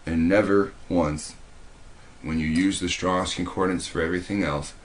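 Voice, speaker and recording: A man with a very low, deep voice delivers a preachy monologue. He hammers his points home with emphatic repetition and keeps restarting sentences as he pushes on. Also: fairly bright tone. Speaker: video commentator.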